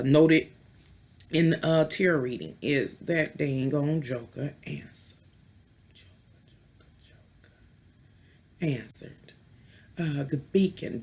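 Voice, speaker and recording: A woman vlogger and tarot reader rambling in a casual rant, chatty and playful, with sultry, knowing asides. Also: low voice. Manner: chatty, rambling, with restarts and playful beeping sounds.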